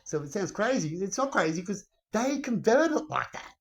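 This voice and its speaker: Here a vlogger with a high, sing-song voice speaks at normal speed into his phone camera. He swears, laughs and poses rhetorical questions to viewers in a loose, rambling monologue.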